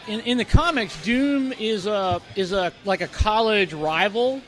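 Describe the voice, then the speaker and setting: A man's voice: high-pitched, a little slow, a bit bright. A man co-hosting a casual podcast, rambling with lots of fillers and restarts, recorded in the corner of a bar. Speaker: podcast co-host. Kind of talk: casual chat.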